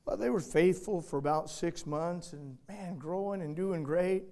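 High-voiced preacher telling a story. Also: male voice, measured pace. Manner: dramatic, swings from loud urgency to hushed. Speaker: pastor. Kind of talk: sermon illustration storytelling.

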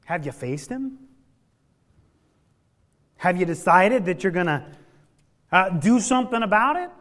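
An animated preacher at normal speed, pausing often, delivers a folksy sermon that drops from loud emphasis to hushed lows, with key words drawn out for weight.

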